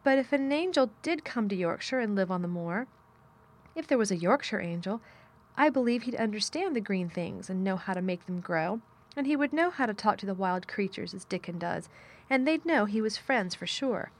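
A woman's voice: mid-range voice, expressive, moderate pace. A blunt, sour-tempered young girl from a storybook who speaks frankly and plainly, as a woman reads her aloud. She talks in a straightforward, unfussy way.

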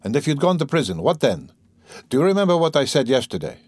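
A man's voice: a little high, very animated, quick pace, darkish tone, dry recording, voice pushed up. A man voicing a tense, brooding young man who talks in an agitated, peevish way.

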